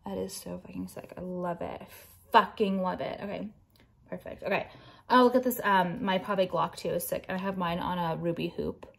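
A woman's voice: lowish voice, steady tone, normal speed, creaky, a bit bright. Blunt, profane young woman ranting. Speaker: jewelry designer and vlogger. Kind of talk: casual ranting vlog.

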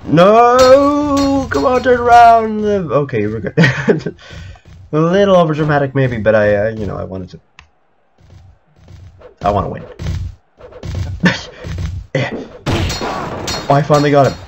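A man giving excitable let's play commentary, breaking into panicky outbursts and cursing. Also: mid-range voice, measured pace, long pauses, a little hiss or hum. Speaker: gaming video creator. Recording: slightly muffled audio with game music. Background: video game music.

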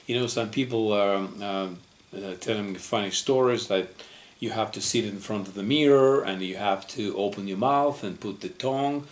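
A man with a Russian accent, a native Russian speaker, explaining an English lesson patiently, step by step, with frequent pauses. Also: lowish voice. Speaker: English teacher.

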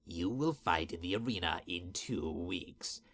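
A man voicing a cold, commanding non-human male master who speaks slowly and with menace. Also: low voice, expressive, a bit bright, pitched below the performer's own voice, heavily acted. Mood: menacing. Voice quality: slow, menacing, measured.

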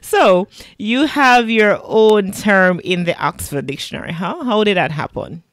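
A woman's voice: medium pitch, expressive, unhurried. A woman hosting an interview podcast, bubbly, playful and teasing. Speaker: podcast host.

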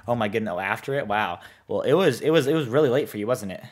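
A man's voice: fairly low pitch, animated, fast. A man streaming a building game, reading chat aloud and answering in a rambling, easygoing way. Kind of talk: casual live-stream chat while playing.

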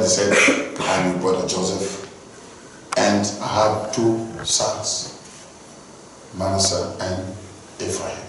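Preacher in a very echoey hall. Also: male voice, mid-range voice, slight background noise. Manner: animated, repeatedly asking the congregation "do you understand?". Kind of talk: sermon storytelling. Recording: very echoey hall, heard from a distance.

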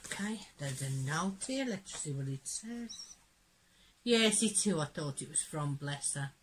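A woman talks in a slow, easy rhythm, her voice a little croaky from a cold. She sits at the lower end of the female range and sounds gently delighted as she chats through her mail. A faint hum of room noise sits behind her. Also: expressive, poor audio. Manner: gentle, chatty, softly enthusiastic. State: hoarse, croaky from illness. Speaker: craft channel vlogger. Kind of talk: casual chat opening mail.

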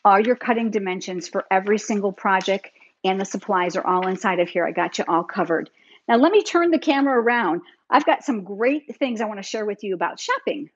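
Expressive and a little quick, this medium-pitched woman's voice comes through dull audio. She's middle-aged, hosting a live stream where she teaches card making from her craft table, hands occupied, chatting cheerfully straight to the people watching.

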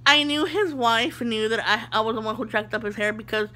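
A young adult woman vlogger telling an animated storytime. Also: fairly high pitch, fairly quick.

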